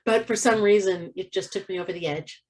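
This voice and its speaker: A woman's voice: mid-range voice, brisk, distant mic. A woman co-hosting a casual chat, telling a personal story animatedly, laughing often and acting out what people said. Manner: animated, laughs often, acts out quoted voices. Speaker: co-host.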